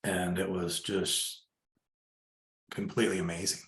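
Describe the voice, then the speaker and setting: Deep-voiced man telling a story, roomy sound. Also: level tone, a little slow. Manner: soft-spoken, reflective, lots of fillers. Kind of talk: casual storytelling.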